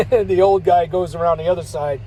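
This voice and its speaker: A man's voice: sits high, fairly even intonation, normal speed, dark tone, slight background noise, poor audio. An older man, a truck driver, telling stories in a rambling, folksy way and chuckling between remarks. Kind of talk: casual spoken storytelling.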